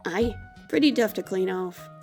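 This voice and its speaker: A woman's voice: mid-range voice, expressive, normal speed, a little mellow, soft background music, lightly acted. Woman doing a grumpy Southern dwarf. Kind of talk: voicing video game dialogue.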